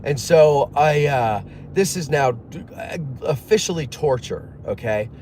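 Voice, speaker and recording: A man's voice: mid-range voice, expressive, a little mellow, slight background noise. A man telling a long, exasperated personal story in a casual monologue, rambling and quoting other people as he goes. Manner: rambling, exasperated, acts out others' lines in quick quotes; frequent fillers and restarts, sighs.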